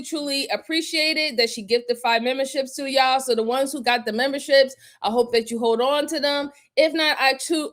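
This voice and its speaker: A woman's voice: sits high, a bit bright. A woman hosting a casual livestream, greeting viewers one by one, repeating her thanks and laughing often. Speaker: livestream host.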